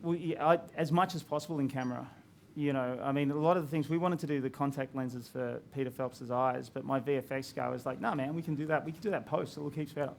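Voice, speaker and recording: Chatty man with a gravelly voice. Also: mid-range voice, fast, slight background noise. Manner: chatty storytelling with laughs. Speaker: filmmaker. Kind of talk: casual talk at a screening.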